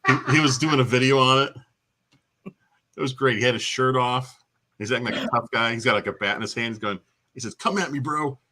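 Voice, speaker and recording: A man's voice: mid-range voice, steady tone, brisk, long pauses, pushed and bright. A man co-hosting a casual gaming chat show, telling stories and laughing often.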